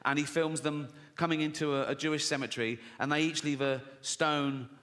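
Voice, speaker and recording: Stand-up comic, man, sardonic and crude, bright and slightly raised voice. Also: fairly high pitch, steady tone, fairly quick. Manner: sardonic, crude, breaks into laughter. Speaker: comedian. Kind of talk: stand-up comedy. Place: live stage before an audience.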